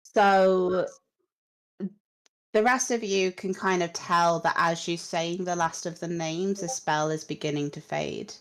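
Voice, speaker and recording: A woman narrating as game master of a tabletop role-playing game, telling the scene softly and without hurry. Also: lowish voice, steady tone, slow pace.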